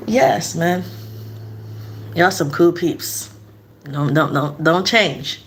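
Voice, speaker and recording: A woman's voice: fairly low pitch, very slow, pauses often, slight background noise. A young woman from Nigeria chatting casually with her live-stream audience, laughing often and repeating herself.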